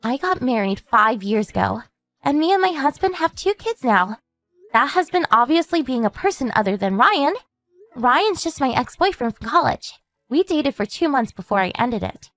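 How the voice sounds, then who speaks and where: Lively, high-pitched composed sister, a woman voicing her for an animated story. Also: faint music behind, exaggerated voice. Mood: steady. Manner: measured, explanatory storytelling. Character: calm woman warning her sister about a stalker ex.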